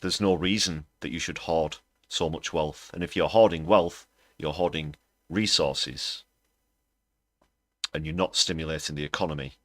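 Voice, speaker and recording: A man's voice: rumbling low, steady tone, normal speed, dry recording. A British man hosting a political livestream, talking bluntly and scornfully, with fillers as he thinks aloud. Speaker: host.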